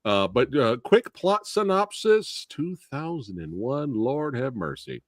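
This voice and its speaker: Animated man hosting a movie chat. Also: medium pitch, unhurried, no room sound. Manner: animated, laughing, excitable. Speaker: podcast host. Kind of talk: casual movie discussion.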